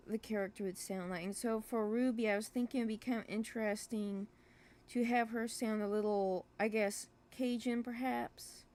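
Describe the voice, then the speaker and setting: A woman who makes a webcomic, chatting casually on a livestream in a rambling, hesitant way, full of fillers and restarts and quick to apologize for herself. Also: medium pitch, darkish tone. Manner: self-deprecating, apologetic. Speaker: webcomic creator streaming live.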